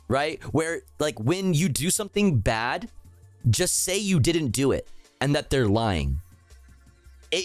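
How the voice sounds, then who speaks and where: A man's voice: fairly high pitch, no echo. Profane, exasperated young man streamer. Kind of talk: live political rant.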